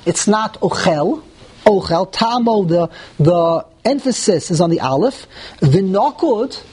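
A man teaching a Talmud class to students in a room, animated and repeating words as he thinks aloud, often asking the class questions and answering them himself. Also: high voice, breathy edge. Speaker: Torah teacher.

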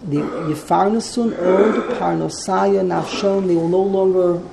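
A woman's voice: fairly low pitch, fairly even intonation, measured pace, creaky, a loud crowd, rough recording. A woman teaching a text study class, explaining and translating line by line and often wandering into side points.

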